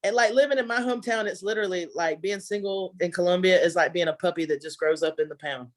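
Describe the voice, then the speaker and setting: A woman's voice: fairly low pitch, quick pace. Chatty woman doing stand-up. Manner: chatty, self-mocking, laughs at own jokes. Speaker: stand-up comedian. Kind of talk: stand-up set. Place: home, virtual show.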